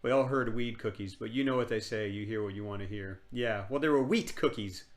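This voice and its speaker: A man's voice: lowish voice, a little fast. A man streaming live, telling a rambling comic story in casual chat.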